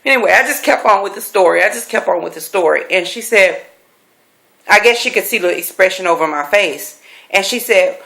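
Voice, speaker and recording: A middle-aged woman, a life coach, telling a personal story with animated, emphatic delivery, repeating key phrases for effect. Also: medium pitch, brisk, gravelly. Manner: animated, acts out quoted voices; emphatic repetition.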